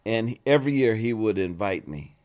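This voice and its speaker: An older man, an actor, telling anecdotes in an interview with an animated, indignant delivery. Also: on the low side, fairly quick. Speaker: actor guest. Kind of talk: storytelling interview.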